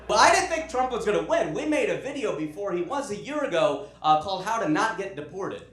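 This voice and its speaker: A man's voice: high-pitched, sing-song, a little fast, a bit bright, roomy sound. A man doing stand-up comedy in a matter-of-fact, joking way.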